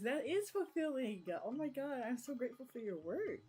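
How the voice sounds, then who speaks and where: A woman's voice: high voice, very animated, moderate pace, few pauses, dark tone, slightly rough. A young woman recapping a book chapter in a rambling, chatty way, full of fillers, on a casual live stream. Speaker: book vlogger.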